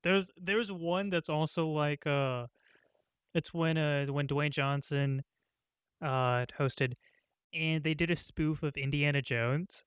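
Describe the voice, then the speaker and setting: A man's voice: a little high, steady tone, slow pace, clear, resonant tone, dry recording, studio quality. A young man co-hosting a podcast, laid-back and a bit hesitant, swearing casually as he chats. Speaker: podcast co-host. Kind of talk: casual chat.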